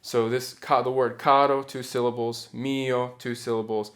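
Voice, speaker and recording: A man's voice: medium pitch, level tone, normal speed, fairly bright tone. A man teaching a singing diction lesson, explaining patiently step by step. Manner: patient, instructive.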